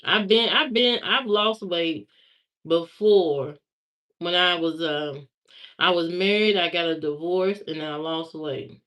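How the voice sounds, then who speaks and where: A woman's voice: fairly low pitch, slow, fairly bright tone. A woman in her thirties chatting casually on a livestream, answering viewer comments in a candid, rambling way with many fillers.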